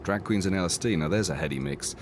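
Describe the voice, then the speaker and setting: A man's voice: low-pitched, fast talker, a little hiss or hum. An English man narrating his own story in a dry, self-deprecating, scripted way. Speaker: host and narrator.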